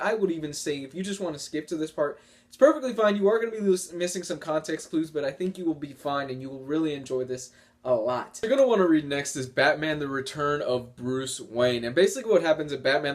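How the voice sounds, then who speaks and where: A man reviewing comic books in a casual, enthusiastic and rambling way, often laughing as he talks. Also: on the high side.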